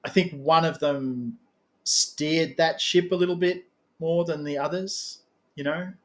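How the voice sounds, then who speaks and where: A man with a voice a little higher than most, chatting easily as an interviewer. He talks in loose, rambling runs and slips in jokes. The tone stays relaxed and conversational. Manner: chatty, animated, quick to joke. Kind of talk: casual conversation.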